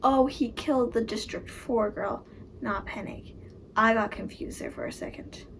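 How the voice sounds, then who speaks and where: A young woman chatting casually as she reacts to a book she is reading, emotional and quick to exclaim. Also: on the high side, a little hiss or hum, low-quality recording. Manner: emotional, exclaims and gasps at the story.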